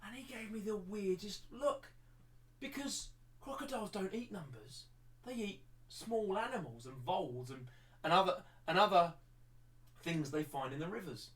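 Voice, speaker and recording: A man's voice: high-pitched, expressive, normal speed, a bit bright, far from the mic. A man with an English accent teaching a livestreamed maths lesson, rambling with many restarts and repeated words.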